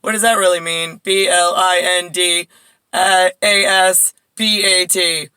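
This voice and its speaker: Rambling New woman, bright dry voice. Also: on the low side, fairly even intonation, unhurried, smooth, no echo, poor audio. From Bayside, New York. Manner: rambling, jumps between tangents, muses aloud. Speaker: vlogger. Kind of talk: casual monologue to camera. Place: at home indoors.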